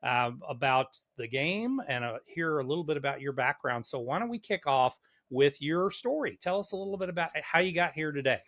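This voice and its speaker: A man's voice: a little high, animated, fairly quick, hardly any pauses, fairly bright tone. A man hosting a podcast, introducing his guest and joking in friendly, casual banter. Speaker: podcast host. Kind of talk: casual interview chat.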